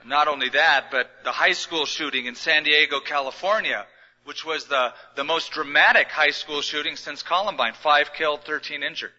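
Middle-aged pastor preaching, really bright ringing voice, kinda high, lo-fi sound with long hall echo, chatty joking stories. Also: male voice, moderate pace. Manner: conversational, storytelling with humor. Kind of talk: sermon. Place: large church auditorium.

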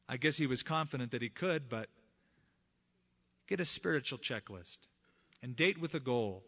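A middle-aged man, a pastor, preaching a sermon in a conversational, animated storytelling way. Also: mid-range voice, normal speed, pauses often.

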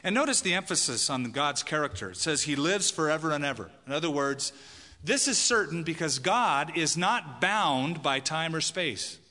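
Bright-voiced male pastor in a reverberant hall. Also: on the high side, animated, normal speed. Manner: emphatic preaching with rhetorical questions to the congregation. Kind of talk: sermon.

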